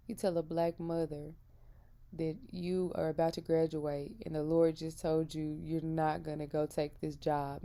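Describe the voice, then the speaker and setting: A Christian vlogger in her thirties gives an earnest, emphatic personal testimony about her faith, retelling it with feeling. Her voice is low and mellow.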